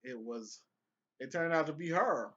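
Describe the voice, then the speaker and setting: A man's voice: fairly high pitch, animated, unhurried, a bit bright, highs cut off. A young man giving casual, profane, rambling commentary on a TV episode he just watched, with laughing asides. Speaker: vlogger reviewing a TV episode.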